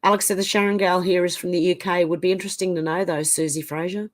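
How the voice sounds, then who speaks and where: Her voice is on the low side with little pitch movement, and she talks fast with few pauses. A middle-aged Australian woman, she's hosting a live stream, reading viewers' comments aloud and chatting back while recovering from the flu with a cough.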